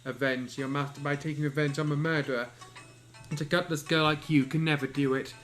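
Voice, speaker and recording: A man's voice: a little high, level tone, a little fast, fairly bright tone, faint music behind, close to an everyday voice. A man voicing a cold, scornful female warrior who scolds harshly, in a fan audiobook reading.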